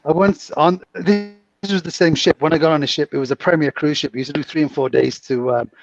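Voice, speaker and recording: A man in his fifties telling stories in a casual chat, animated and laughing often. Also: a little high, fast talker, vocal fry, highs cut off, over music. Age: 50s.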